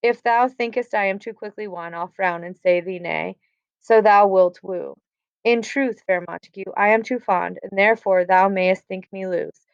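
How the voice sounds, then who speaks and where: A woman's voice: mid-range voice, moderate pace, gravelly, clean tone, dry recording, close to an everyday voice. Juliet, a forward young noblewoman, read by a woman. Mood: earnest. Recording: dry, slightly dull recording.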